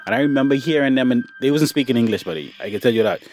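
A man's voice: medium pitch, animated, rapid-fire, darkish tone, slight background noise. A man casually telling a personal story on a podcast, talking to the listener like a friend and calling him "buddy" and "boy". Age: adult, grown since childhood events.

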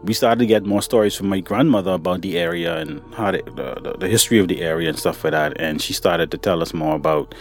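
A man's voice: sits low, quick pace, few pauses, soft background music. Casual man telling a personal story. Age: adult, grown since childhood events. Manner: casual, conversational, addresses listener as "buddy" and "boy". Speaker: podcast storyteller.

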